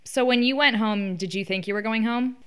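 A woman's voice: fairly high pitch, fairly quick, fairly bright tone, smooth. A woman hosting a casual interview, asking questions in a conversational and lightly teasing way. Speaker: podcast host.

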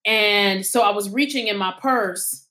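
A woman speaks as a guest in a relaxed interview. She tells her stories with animated energy and voices the people in them along the way. Her tone stays conversational throughout. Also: medium pitch, a little slow. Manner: animated storyteller, acts out quotes. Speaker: actor and acting coach, guest.

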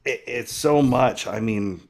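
A podcast co-host with a gravelly, mid-range voice talks slowly, thinking out loud. His casual chat rambles and is packed with fillers.

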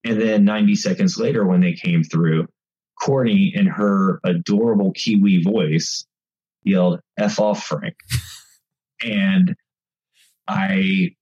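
A man with a very low, husky voice tells bike racing stories in a casual, animated way. The sound is slightly dull and muffled. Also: slow pace, long pauses. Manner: animated, acts out race chatter. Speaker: bike racing guest commentator. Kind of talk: casual storytelling.

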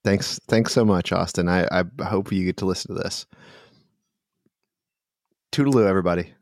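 A man's voice: low-pitched, fairly even intonation, moderate pace, no room sound, studio quality. A man hosting a podcast, chatting casually and animatedly with lots of restarts and laughter. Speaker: podcast host and dungeon master. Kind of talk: casual chat.

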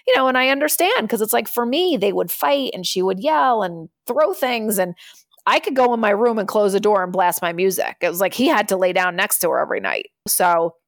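A woman's voice: mid-range voice, lively intonation, brisk, no echo, clean studio sound. A woman in her thirties, speaking candidly as a guest in an interview, in an earnest, conversational way and acting out the voices she quotes.

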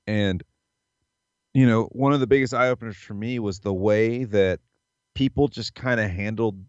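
A man, chatting in a relaxed, rambling way as a podcast host. His voice sits low, and the recording is slightly dull and dry, with little room sound around it. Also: moderate pace, dry recording. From American South. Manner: laid-back, rambling, with frequent fillers. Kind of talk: casual chat.

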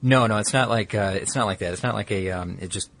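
Husky low-voiced man explaining at length. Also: fast talker, a bit bright. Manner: rambling, self-correcting, frequent fillers. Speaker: guest explaining technology. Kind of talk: casual conversation.

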